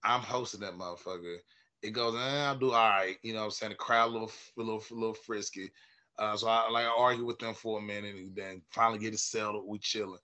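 Comedian guy telling road stories, bright forceful voice, cussing, acting out bits. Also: on the low side, fast. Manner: animated, profane, acts out quoted voices loudly. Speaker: stand-up comedian, podcast guest. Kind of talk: casual storytelling chat.

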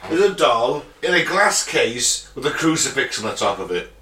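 Bright-voiced jokey English man, echoey room. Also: medium pitch, very animated, moderate pace. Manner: laughing, jokey, swearing. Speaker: podcast co-host. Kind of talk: casual banter, reading news stories. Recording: echoey room, mic at a distance.

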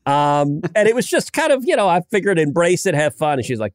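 Chatty middle-aged man, halting anecdotes. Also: a little high, dry recording, clean studio sound. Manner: animated storytelling with frequent restarts and stammers. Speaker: senator, podcast guest. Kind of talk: casual political podcast chat.

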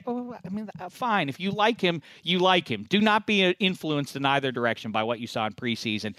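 A man hosting a casual football podcast, speaking with a bright, crisp, fairly high voice. He swings from mock-pompous storytelling to loud showman announcing. The recording is close and dry. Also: animated, brisk, few pauses, no room sound. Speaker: podcast host. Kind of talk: casual sports chat.

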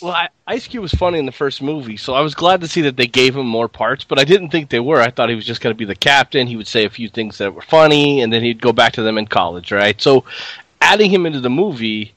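A man joining a casual movie review podcast as a guest, talking things through in a relaxed way. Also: medium pitch, quick pace, no echo.

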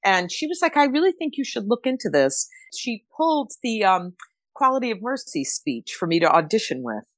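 A woman's voice: fairly high pitch, very animated, a little fast, no room sound. Blunt older woman telling stories. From Rhode Island. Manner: blunt, candid, emotional storytelling. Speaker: guest, stage actress. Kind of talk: casual interview chat.

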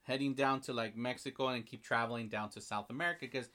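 A man in casual chat, animatedly retelling a film scene by scene and acting out the characters' lines, with swearing. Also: fast. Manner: animated storyteller, acts out lines with big jumps in pitch and loudness, swears.

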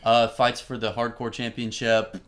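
A man co-hosting a podcast, chatting casually and telling stories with animated energy, acting out what people said. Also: medium pitch, moderate pace. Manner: animated storytelling, acts out quoted lines. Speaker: podcast co-host. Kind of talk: casual chat.

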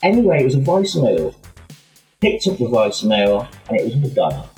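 A man's voice: mid-range voice, brisk, soft background music. Man, chatty guest, tells stories with lots of asides, roomy sound. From England. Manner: animated anecdotal storytelling with many asides. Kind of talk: casual chat.

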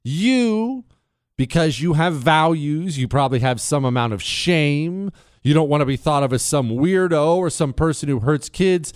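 Animated talk-radio man, crisp voice. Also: normal speed, no room sound, studio quality. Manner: animated storytelling, mimics people in high voices. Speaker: radio talk show host. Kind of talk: political talk monologue.

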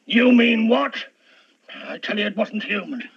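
A man's voice: high voice, lively intonation, unhurried, creaky, husky, exaggerated voice. An actor playing a drunken, frightened Irish man in a pub, with an Irish accent and a shaken, insistent manner. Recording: muffled old film soundtrack.

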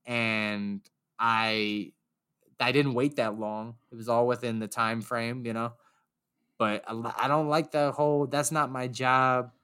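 A young man spinning a story in loose, profane conversation. He's animated and jumps into other people's voices as he tells it, with a voice of middling pitch. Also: measured pace, clean tone. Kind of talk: casual storytelling chat.

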